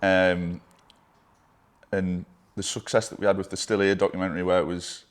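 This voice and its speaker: Man swearing in a relaxed chat. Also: deep voice, normal speed. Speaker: brand co-founder. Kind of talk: casual chat.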